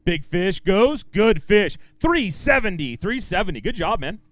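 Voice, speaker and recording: At an outdoor fishing tournament weigh-in, a man emcees over a handheld microphone, booming out weights and angler names in an upbeat, lively way. His pace is unhurried, and there's no room sound.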